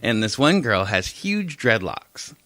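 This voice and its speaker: A man's voice: slow pace, no room sound. A man co-hosting a podcast, telling stories casually, often laughing and swearing. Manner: animated storytelling, acting out others with high squeaky voices. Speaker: podcast co-host. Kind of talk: casual chat.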